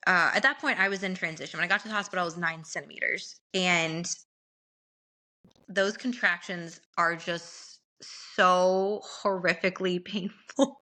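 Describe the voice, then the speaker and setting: A young woman with a bright, ringing voice chats through a story on a podcast. She talks in an animated way and laughs often. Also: on the low side, normal speed.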